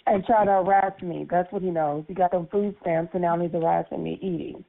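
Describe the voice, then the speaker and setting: A woman's voice: on the low side, fairly even intonation, brisk, creaky. A woman on a phone call, talking in a sassy, scolding way. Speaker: phone caller. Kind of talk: casual phone conversation. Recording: tinny noisy phone line.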